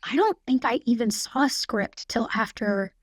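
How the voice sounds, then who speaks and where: A woman in her forties, a podcast guest, telling stories in a quick, chatty way full of "like". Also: a little high, expressive, no echo. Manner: chatty, fast storytelling with frequent "like". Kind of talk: casual anecdote telling.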